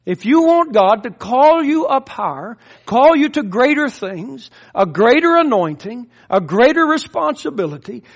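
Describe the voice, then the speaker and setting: A man's voice: very high-pitched, fairly bright tone. A man preaching a sermon with impassioned, rising and falling emphasis.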